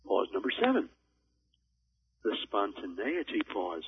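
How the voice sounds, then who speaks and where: A man coaching on public speaking in a measured way, with deliberate pauses for emphasis. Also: mid-range voice, very animated, husky, narrow, tinny audio. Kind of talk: instructional talk on a recorded program.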